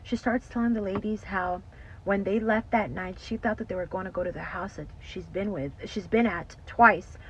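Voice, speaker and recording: A woman telling a story in a casual, animated way, full of "like" and "you know". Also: medium pitch, normal speed, muffled recording, a little hiss or hum. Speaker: storytime host.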